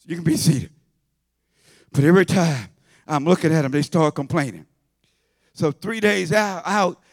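A man preaching a sermon in church, folksy and conversational, swinging from shouts to low asides. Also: dry recording, clean studio sound. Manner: shouting and half-singing at high points, then dropping to low asides; conversational, folksy, with repetitions and laughter.

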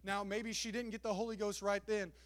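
A man preaches a Pentecostal sermon in a strikingly high voice. He moves from quiet storytelling to shouted exhortation. The sound rings with the long reverb of a church sanctuary. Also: level tone, a little fast.

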